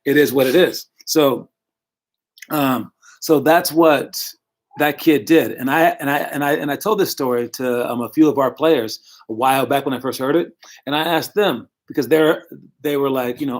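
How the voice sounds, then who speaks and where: Speaking at normal speed in a mid-range voice, a man coaches young basketball players with a casual, encouraging motivational talk. He records from home into a computer microphone and corrects himself along the way.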